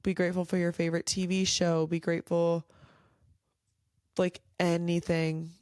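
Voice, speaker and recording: A woman's voice: on the low side, little pitch movement, normal speed, a little mellow, clean tone, no room sound, clean studio sound. A woman hosting her own show, ranting bluntly at home late at night, tired and swearing freely with lots of filler likes. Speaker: podcast host. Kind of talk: casual solo rant.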